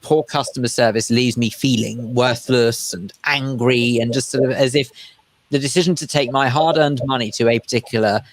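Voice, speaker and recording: Man, radio co-host, mid pitch, dry studio, chatty, teasing asides. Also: fairly even intonation, normal speed, no room sound. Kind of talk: casual radio chat.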